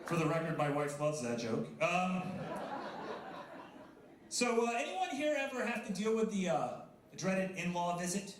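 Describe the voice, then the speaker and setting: A man's voice: high voice, big pitch swings, moderate pace, pauses often, noisy background. A man in his thirties performing a stand-up comedy set at a coffee house, self-deprecating and chatting with the crowd. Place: coffee house stage before a live audience. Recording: roomy live venue sound.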